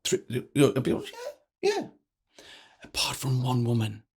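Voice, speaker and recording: A man, a guest telling stories in a lively way and acting out the lines of the people in them. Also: mid-range voice, moderate pace, gravelly, breathy edge. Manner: energetic, acts out quoted dialogue. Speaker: guest speaker. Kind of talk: animated storytelling in a podcast interview.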